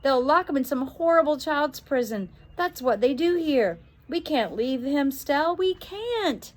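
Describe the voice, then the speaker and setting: A woman voicing a desperate young boy who cries out in a high, shrill, distraught voice. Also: lively intonation, a little slow.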